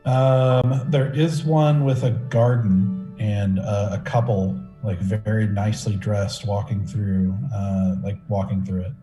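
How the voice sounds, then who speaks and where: Low-voiced man running a tabletop game. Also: flat delivery, slow, hardly any pauses, dark tone. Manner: hesitant, lots of fillers and restarts. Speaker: game master. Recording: echoey room with music bed.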